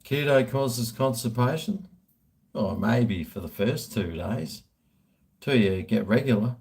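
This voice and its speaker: Australian man, middle-aged, slow-talking, rambling, joking, crude, mid-pitched voice. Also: lively intonation, vocal fry, a little mellow. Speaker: vlogger answering viewer questions. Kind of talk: casual chat.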